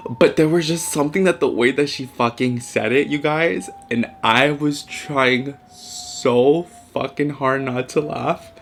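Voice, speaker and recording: Gravelly young vlogger guy, swearing a lot, super animated storytelling. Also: mid-range voice, a little slow, few pauses, slight background noise. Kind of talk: casual storytelling.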